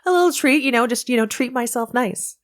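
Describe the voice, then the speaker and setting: A woman's voice: a little high, brisk. A woman guesting on a podcast in casual chat, giggly and playful.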